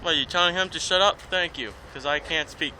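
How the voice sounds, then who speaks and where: A man's voice: on the high side, brisk, sharp tone, slight background noise. A man filming at an outdoor zoo, chatting playfully and coaxingly with parrots. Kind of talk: casual chat with birds. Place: outdoor zoo by bird enclosure. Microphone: handheld camera.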